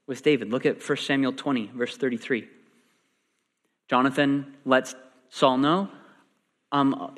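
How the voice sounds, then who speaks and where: A man preaching a sermon, animated and acting out the quoted lines. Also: mid-range voice. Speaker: pastor. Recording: long reverb in a large hall.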